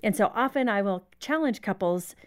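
A woman's voice: medium pitch, expressive, moderate pace, smooth. A woman speaking as a guest on marriage, giving conversational advice in a reflective, candid way.

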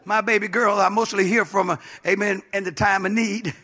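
A man's voice: high-pitched, steady tone, fairly quick, bright, forceful tone. A man pastor preaching a sermon with emphatic, repetitive call-outs to the congregation.

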